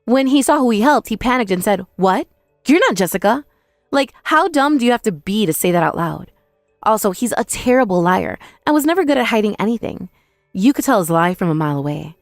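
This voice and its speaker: A woman's voice: mid-range voice, expressive, fairly quick, no room sound, studio quality, soft background music. A young woman telling a first-person dramatized story in an indignant, accusing manner. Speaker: narrator and protagonist.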